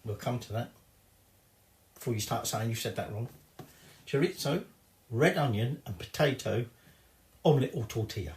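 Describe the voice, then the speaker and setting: A man's voice: medium pitch, vocal fry, a little mellow, echoey room. A man giving a casual cooking demonstration in his home kitchen, chatty and rambling, with cheeky swearing. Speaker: home cook.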